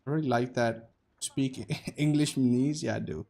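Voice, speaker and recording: A man's voice: medium pitch, steady tone, moderate pace, vocal fry, darkish tone. A young man giving casual, profane, joking commentary while streaming a game, rambling between stories and play.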